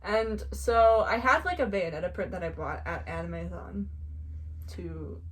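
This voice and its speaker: A young woman telling stories casually, excitable and gushing, with squeals when she gets excited. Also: a little hiss or hum. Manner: excitable, quick swings into high squeals; gushing, heavy use of "like". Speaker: vlogger. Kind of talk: casual storytelling.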